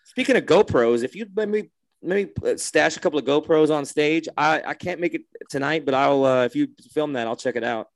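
Chill joking dude on a podcast, dead dry mic, no room sound. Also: male voice, on the high side, brisk, no room sound. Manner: laid-back, joking. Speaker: podcast co-host. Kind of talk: casual chat.

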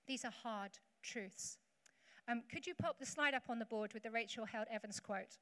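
A woman's voice: on the high side, normal speed, fairly bright tone. A woman preacher giving a sermon in a conversational way, with humorous asides to the congregation. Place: church hall with congregation. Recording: echoey hall with faint background noise.

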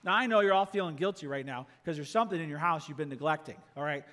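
A man preaching a sermon as pastor, asking rhetorical questions and going quiet for quoted asides. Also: on the high side, fast. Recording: long echo of a large hall.

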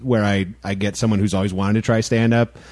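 A man's voice: on the low side, little pitch movement, fairly quick, darkish tone, no room sound. Joking male podcast host, dry mic. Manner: laid-back, joking. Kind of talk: casual chat.

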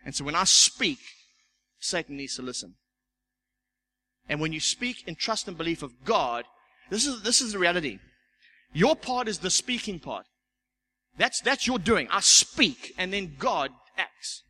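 Animated preacher man. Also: high-pitched, a little slow, pauses often, a little hiss or hum, low-quality recording. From South Africa. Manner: animated, repeats words, acts out quoted voices. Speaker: pastor. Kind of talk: sermon.

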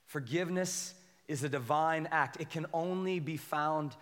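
Animated man preaching in a reverberant church. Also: fairly high pitch, a little slow. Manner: animated preaching, reads scripture aloud, calls for responses. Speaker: pastor. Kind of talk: sermon. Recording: long hall reverb.

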